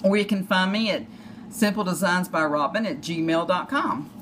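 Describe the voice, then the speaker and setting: A woman's voice: fairly low pitch, moderate pace, a bit bright. A woman with a Southern US accent, chatting through a crafting tutorial with rambling, self-deprecating asides. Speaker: craft demonstrator. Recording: noisy home recording.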